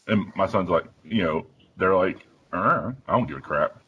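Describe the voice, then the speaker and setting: A man in his thirties hosting a round-table discussion, telling an animated story with acted-out family dialogue. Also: low-pitched, normal speed, slightly rough, rough recording. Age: 30s. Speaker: podcast host.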